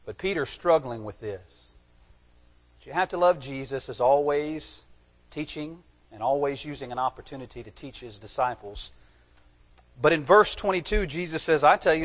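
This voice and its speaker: A man delivers a sermon in a church sanctuary, his slightly high voice trailing off in the long reverb of a large hall. He reads old-fashioned scripture aloud, then breaks off to press home key words in an emphatic teaching manner. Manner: emphatic, teaching, tells listeners to underline words. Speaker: preacher.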